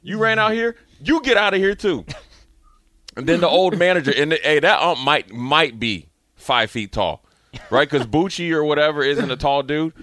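A man's voice: mid-range voice, fairly bright tone, no echo, clean studio sound. A man hosting a sports radio show, telling stories in a laid-back, slangy way. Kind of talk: casual sports radio chat.

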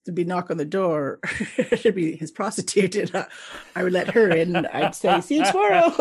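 A middle-aged Canadian woman, guest in a casual interview, tells travel stories with lively energy, laughing often and acting out the people she met. Her voice is lowish and husky, at a moderate pace.

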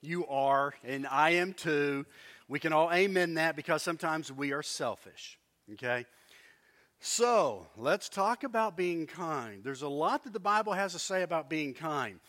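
Male preacher, middle-aged, high and bright, animated storyteller mid-sermon. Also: measured pace. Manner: animated storytelling with asides to the congregation. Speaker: pastor.

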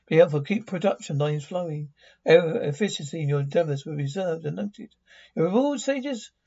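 A man voicing a dutiful male city loudspeaker announcer, reciting slogans in a husky voice, on a dull lo-fi recording. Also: a little high. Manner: droning public-address slogans.

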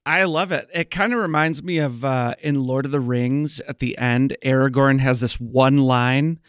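Man, podcast co-host, casual jokey chat, smooth clear voice, dry close mic. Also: mid-range voice, steady tone, moderate pace, dry recording. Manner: chatty, jokey, rambling.

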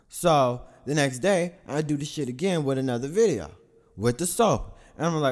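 Man, animated pitch, profane, rambling asides, laughs at himself, confessional storytelling. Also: moderate pace. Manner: crude, profane, laughs through his own story; rambling, self-correcting asides to listeners.

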